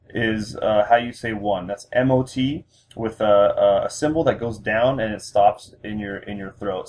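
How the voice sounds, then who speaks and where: A man giving a patient spoken language lesson, pausing often with fillers as he explains. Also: on the low side, darkish tone. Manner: patient, with frequent fillers and restarts. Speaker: language teacher. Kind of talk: instructional lesson.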